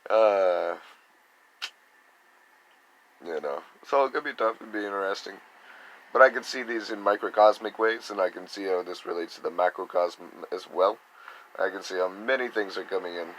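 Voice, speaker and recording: A man's voice: sits low, normal speed, long pauses, a bit bright, low-quality recording. A man giving a rambling, casual spiritual talk, acting out other people's reactions in quoted voices. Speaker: spiritual speaker.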